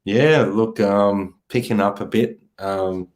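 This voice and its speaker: A man's voice: lowish voice, fairly even intonation, slow, a little mellow. An Australian man co-hosting a casual livestream chat in an easygoing way. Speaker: co-host.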